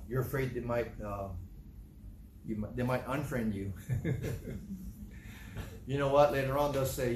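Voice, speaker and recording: A male pastor preaching a sermon in a church hall, animated and emphatic, repeating his points and acting out quotes. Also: medium pitch, moderate pace, long pauses. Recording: echoey room with faint noise.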